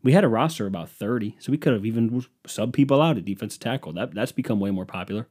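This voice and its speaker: A man's voice: lowish voice, expressive, fast, darkish tone. A young man hosting a podcast, telling a profane, exasperated story in a casual solo rant. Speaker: podcast host.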